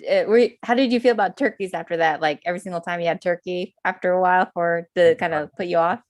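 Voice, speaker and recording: A woman's voice: on the low side, steady tone, fast talker, no room sound, clean studio sound. A woman co-hosting a virtual comedy show, reacting and asking follow-up questions in casual chat. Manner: reacts with laughs and exclamations, asks follow-ups. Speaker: co-host.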